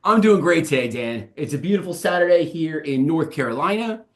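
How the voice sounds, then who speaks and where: A man in his thirties co-hosting a casual movie podcast, relaxed and hesitant, often restarting his sentences. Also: on the high side, a little fast. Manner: relaxed, hesitant with fillers and repeats. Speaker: podcast co-host.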